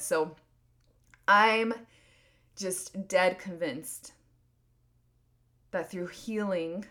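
A woman's voice: lowish voice, extremely slow, long pauses, pushed and bright. A woman in her thirties hosting a solo podcast, talking earnestly and rambling, full of "like" and restarts. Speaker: podcast host. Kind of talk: casual solo podcast monologue.

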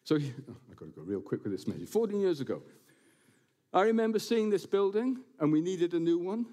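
A male pastor preaching to his church, his voice sitting a bit high and swinging widely in pitch. He stays animated throughout and breaks up the message with self-mocking jokes. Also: a little fast. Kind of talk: sermon. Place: church building, before a congregation.

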